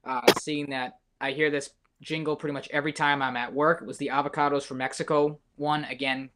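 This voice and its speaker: A man's voice: mid-range voice, bright, forceful tone. A young man co-hosting a sports podcast, rambling and correcting himself as he chats casually. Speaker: podcast co-host.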